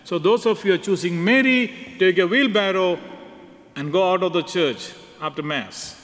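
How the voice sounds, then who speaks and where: A man's voice: sits high, moderate pace, a bit bright. A man preaching a conversational homily in a church, with non-native phrasing. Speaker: priest. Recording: reverberant church hall.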